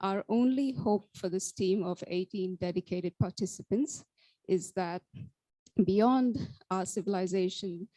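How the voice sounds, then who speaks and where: A woman co-chair giving a short closing speech, soft and a little hesitant. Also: medium pitch, a little slow, no echo, low-quality recording. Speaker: team project co-chair.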